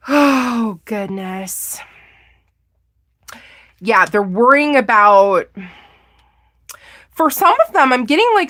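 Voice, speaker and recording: A woman's voice: fairly high pitch, sharp tone. A woman giving a casual live tarot reading, chatty and giggly, exclaiming often as she talks. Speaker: tarot reader.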